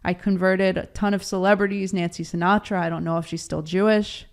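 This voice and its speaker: A woman's voice: medium pitch, level tone, a little fast. A woman from Baltimore, a guest on an interview show, telling her story in a casual, chatty way, laughing often and acting out what people said. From Baltimore, USA.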